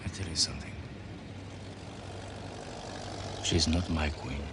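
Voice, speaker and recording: Brief: a Polish migrant, deep voice, unhurried broken English, film drama. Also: male voice, animated, noisy background, exaggerated voice. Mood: hushed defiance. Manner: broken English, brooding then boisterous. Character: Polish immigrant man in 1950s Australia, bitter, drinking.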